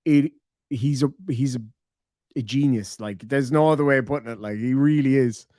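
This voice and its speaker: A man's voice: mid-range voice, moderate pace, dark tone, dry recording, studio quality. An Irish man chatting on a livestream, swearing often and teasing in casual banter. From Ireland. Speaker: streamer.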